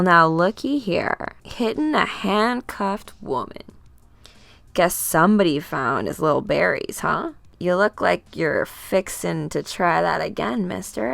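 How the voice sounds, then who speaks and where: A woman's voice: lowish voice, animated, slow pace, vocal fry, fairly bright tone, no room sound, exaggerated voice. A woman voicing a brash, swaggering woman fighter pilot with folksy, drawling tough talk. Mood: taunting.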